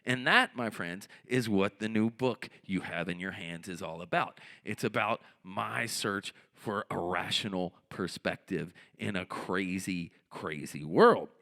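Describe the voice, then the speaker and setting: A middle-aged American man telling profane, animated stories to a live theatre audience, swinging between hushed asides and shouted outbursts. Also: on the low side. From United States. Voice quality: gravelly. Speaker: spoken-word performer. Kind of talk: stand-up storytelling on stage. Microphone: handheld stage microphone.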